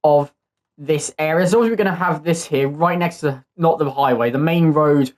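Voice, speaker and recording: A man's voice: fairly high pitch, normal speed, darkish tone. A man hosting his own channel, giving casual gameplay commentary and thinking aloud in an easygoing way as he builds. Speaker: channel host.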